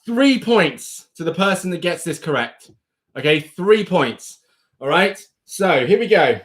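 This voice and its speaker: A man's voice: high-pitched, big pitch swings, unhurried. A young man hosting a casual live stream, chatty and often breaking into laughter. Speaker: livestream host.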